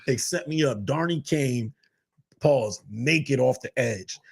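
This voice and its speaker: A man hosting a casual chat show, telling animated stories and mimicking others in high shouted voices. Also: takes it slowly, vocal fry, background noise. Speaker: podcast host.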